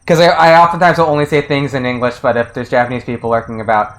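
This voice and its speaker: A man's voice: medium pitch, flat delivery, quick pace, a bit bright, rough recording. A man streaming and casually commenting on a game translation, rambling with lots of restarts and fillers and chuckling often.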